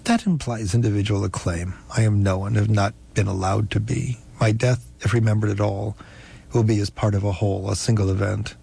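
A man reading an audiobook, voicing a weak, wounded enslaved man who speaks slowly and deliberately. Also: on the low side, fairly even intonation, vocal fry, dark tone, slightly rough, exaggerated voice. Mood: earnest. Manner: slow, deliberate, halting. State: weak and parched. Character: dying enslaved man, defiant and resolute.

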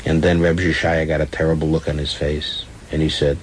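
A man reading a comic story aloud with animated, comic timing. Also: extremely low pitch, a little fast, hardly any pauses, a little hiss or hum, rough recording.

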